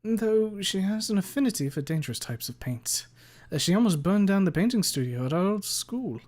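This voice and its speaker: A charming, easygoing teacher from a visual novel, as a male narrator voices him. He speaks smoothly and genially, a little above the reader's usual pitch. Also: sing-song, moderate pace, a little mellow. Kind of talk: visual novel read aloud.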